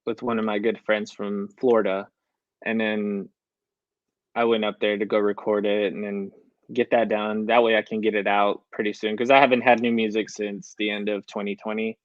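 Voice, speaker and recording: A man's voice: fairly low pitch, flat delivery, moderate pace, no echo, dull audio. A young man, a country singer, chatting casually in an interview and acting out his own past lines with "I was like.". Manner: storytelling, quoting himself with "I was like" often. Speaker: country recording artist, guest.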